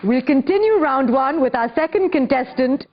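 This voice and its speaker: A woman hosting a spelling competition, speaking in a clear, measured and encouraging way. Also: sits high, expressive. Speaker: quiz host. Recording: dull lo-fi broadcast audio with faint music.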